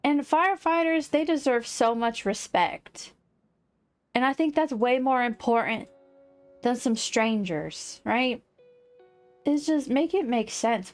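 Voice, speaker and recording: A woman livestreaming casual chat, rambling and quick to laugh. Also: on the high side, faint music behind. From United States.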